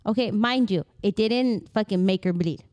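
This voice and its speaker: A woman co-hosting a podcast in casual chat, telling a story about her daughter in an animated way and dropping in Spanish phrases. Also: mid-range voice, normal speed. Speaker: podcast co-host.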